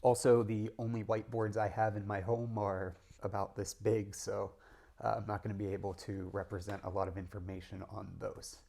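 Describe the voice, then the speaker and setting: A young man with a low, gravelly voice chats straight to the camera. He rambles along with plenty of ums and false starts. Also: level tone, normal speed, warm tone. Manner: chatty, frequent ums and restarts. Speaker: vlogger doing a design challenge. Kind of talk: casual talk to camera.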